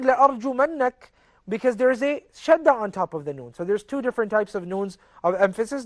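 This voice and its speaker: A man's voice: high voice, no echo. A man giving a religious lecture, reciting verses and explaining them earnestly and emphatically. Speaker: teacher of Quran commentary.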